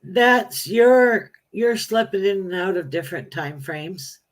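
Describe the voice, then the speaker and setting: A woman appearing as a psychic medium guest on a casual talk show, speaking in a halting, matter-of-fact way. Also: medium pitch, lively intonation.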